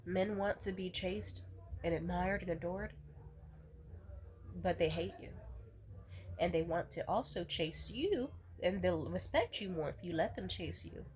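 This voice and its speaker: A woman's voice: lowish voice, measured pace, darkish tone, slight background noise. A young woman ranting bluntly and profanely to camera in a casual vlog, restating points as she goes. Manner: repeats herself to restate points. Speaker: vlogger.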